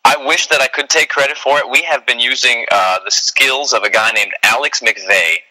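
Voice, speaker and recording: A man who sings in a band, talking casually as a radio guest, relaxed and rambling with lots of fillers. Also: mid-range voice, moderate pace, low-quality recording. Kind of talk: casual phone interview.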